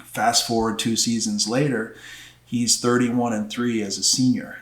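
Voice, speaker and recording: Animated middle-aged man telling a story. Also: a little slow. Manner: animated storyteller, acts out quotes with rising pitch. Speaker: podcast guest, former wrestling coach. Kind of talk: storytelling in casual conversation. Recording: roomy echo.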